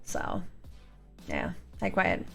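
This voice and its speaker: A woman livestreams from her home, chatting casually with live viewers indoors. She rambles, giggles, and thinks aloud with lots of fillers, speaking extremely slowly. Faint music plays in the background.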